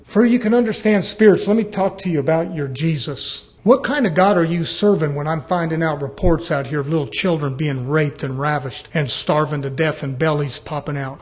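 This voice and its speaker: Man, middle-aged pastor, high voice, folksy sermon, rhetorical questions. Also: brisk, hardly any pauses. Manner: folksy, plain-spoken preaching with rhetorical questions.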